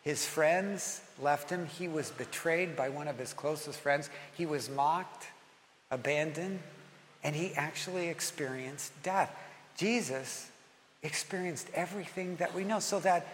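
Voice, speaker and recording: Pastor guy preaching communion, kinda high voice, big echoey hall. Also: a little slow, a bit bright, a little hiss or hum. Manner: earnest, rises in pitch and force when voicing a listener's prayers. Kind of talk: communion sermon. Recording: long hall reverb, faint ambience.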